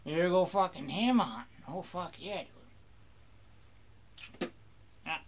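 A man's voice: sits high, animated, slow, a little hiss or hum. A young man rambling crudely through casual gameplay commentary, joking in a mock pirate voice. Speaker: gamer.

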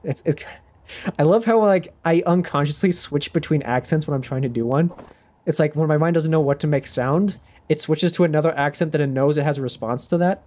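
A man's voice: a little high, fairly quick, a little mellow. A young man in his twenties chatting casually on a gaming stream, rambling and self-deprecating.

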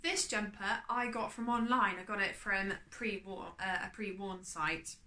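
A woman chatting casually as she shows off her charity shop clothes haul, upbeat and often trailing off quietly. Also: medium pitch, steady tone, unhurried. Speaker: vlogger. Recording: echoey room with faint ambience.

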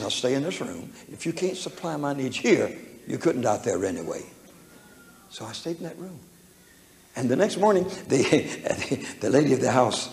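A man's voice: medium pitch, vocal fry. An older man preaching a sermon, telling a personal story in a folksy, chuckling way and acting out the voices in it. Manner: folksy, chuckling, acts out voices in his stories. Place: church hall. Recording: echoey hall with faint background noise.

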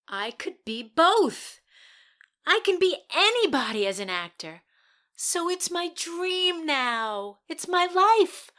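A woman's voice: on the high side, pushed and bright, exaggerated voice. A woman performing an eager young actress at an audition in an audio play monologue, dramatic and swinging between whispers and outbursts.

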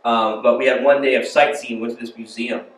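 A man's voice: mid-range voice, fairly even intonation, normal speed, a bit bright, recorded from a distance, a little hiss or hum. An American man preaching a casual, storytelling sermon and asking the congregation questions. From United States. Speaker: pastor. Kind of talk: conversational sermon. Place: church sanctuary. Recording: echoey hall, voice from off-mic.

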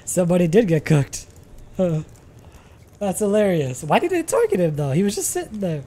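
Brief: woman streamer, low pitch with wide swings, excitable play-by-play, cusses freely. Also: normal speed. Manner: excitable, swears and laughs often, shouts when startled. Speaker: gaming streamer. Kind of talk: live gameplay commentary.

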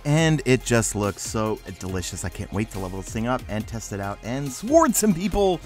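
Faint music plays behind a young New York-accented man narrating a game walkthrough at normal speed in a medium-pitched voice. The gaming YouTuber rambles sleepily, with an energetic, self-mocking streak.

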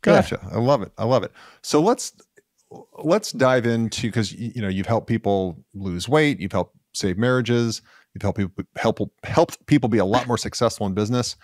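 A man's voice: fairly low pitch, expressive, moderate pace, a little mellow, dry recording, clean studio sound. A man hosting a podcast interview, eager and given to repeating his phrases for emphasis. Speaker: podcast host.

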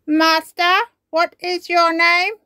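A woman's voice: very high voice, level tone, takes it slowly, bright, forceful tone, no echo, clean studio sound, voice pushed up, heavily acted. A woman voicing an obedient male toy robot in a storybook reading, chanting in a stiff, repetitive way.

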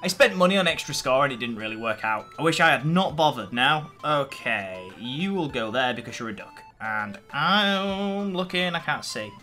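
A young man giving chatty, self-mocking commentary over a mobile game, getting excitable when rushed. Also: medium pitch, soft background music. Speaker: gaming channel host.

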